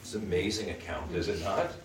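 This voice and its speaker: A man's voice: deep voice, fast. A man leading a Bible study group, teaching and often checking in with the group by asking "right?". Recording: echoey room, mic at a distance, faint noise.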